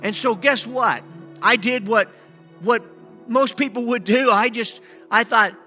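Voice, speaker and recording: A man acting out a scheming blind beggar in a first-person sermon monologue, halting and restarting often, with faint music behind him. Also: very high voice, heavily acted. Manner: halting with many restarts, shouting out pleas. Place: church sanctuary.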